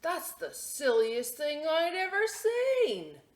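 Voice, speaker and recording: A woman's voice: high-pitched, wildly swooping pitch, roomy sound, pitched above the performer's own voice, full character voice. A woman voicing an unimpressed female cow in a children's picture-book read-aloud, mooing and sounding incredulous. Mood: scoffing. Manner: drawn-out moo, incredulous.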